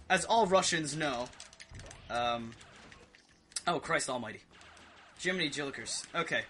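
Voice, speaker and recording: A young man giving rambling, excitable commentary over a video game, swearing and yelping as he plays. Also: fairly high pitch, slight background noise. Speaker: gaming video host. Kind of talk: rambling let's play commentary.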